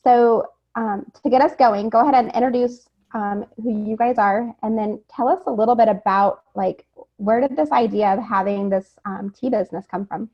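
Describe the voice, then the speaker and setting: A woman's voice: a little high, moderate pace, muffled recording. Upbeat woman host asking questions. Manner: upbeat, filler-heavy questions. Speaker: interview host. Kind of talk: casual interview.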